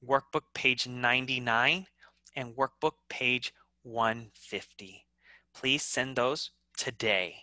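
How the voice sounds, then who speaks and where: An English teacher giving an online class, animated and demonstrating each point with big swings in pitch and loudness. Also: no room sound.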